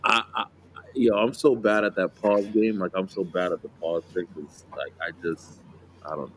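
Deep-voiced man, rambling casual chat. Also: steady tone, normal speed, slight background noise, rough recording. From New Jersey. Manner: rambling, many fillers and restarts, laughs a lot. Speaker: podcast co-host.

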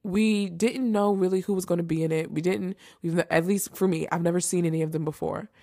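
A woman's voice: on the low side, fairly even intonation, fairly quick, gravelly, mellow, no room sound, studio quality. A young woman hosting a casual chat show, gushing over favorites and repeating phrases for emphasis. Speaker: host ranking holiday movies.

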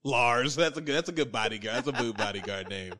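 A man talks through a film with friends in a relaxed podcast chat. His voice sits at an ordinary pitch but sounds bright and forward. He keeps slipping into quick impressions of the characters as he retells the plot. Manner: retells scenes by acting out characters' lines. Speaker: podcast co-host. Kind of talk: casual movie discussion.

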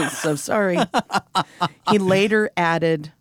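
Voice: mid-range voice, extremely slow, no echo. A podcast host telling a gossip story in casual comedic chat, with sarcastic asides and frequent giggles.

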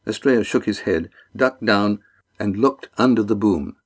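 A man narrates an adventure audiobook in a steady, measured voice. His pitch sits somewhat low. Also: husky.

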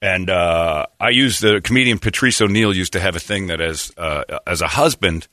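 A man's voice: sits low, moderate pace, bright, forceful tone, no room sound, studio quality. A man hosting a podcast, telling rambling comedic stories with frequent laughs and asides. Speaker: podcast host. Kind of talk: casual comedic storytelling.

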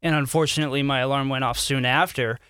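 A man co-hosting a podcast, telling a rambling, excited story in casual chat. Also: mid-range voice, fast, clean tone, dry recording, clean studio sound. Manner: enthusiastic, rambling with fillers. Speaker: podcast co-host.

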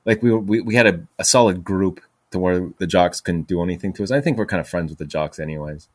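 A man's voice: low voice, brisk, dry recording, clean studio sound. A man hosting a podcast, telling stories in a rambling way with many fillers and restarts. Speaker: podcast host. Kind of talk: casual storytelling monologue.

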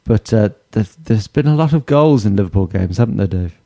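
A man's voice: fairly low pitch, lively intonation, brisk, warm tone, dry recording. A man hosting a casual chat podcast, rambling hesitantly and mocking himself. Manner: hesitant, lots of fillers and restarts, self-mocking. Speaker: podcast host.

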